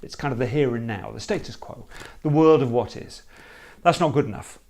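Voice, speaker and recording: A man explaining a creative problem-solving method in an emphatic, animated teaching talk. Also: mid-range voice, a little fast. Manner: emphatic, animated, acts out hesitant problem owners.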